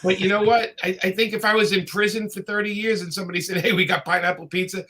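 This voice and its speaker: Bright, high-voiced Brooklyn man. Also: fairly even intonation. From Brooklyn, New York. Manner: talkative, opinionated, storytelling with quick asides. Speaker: guest comics creator. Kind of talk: casual live chat.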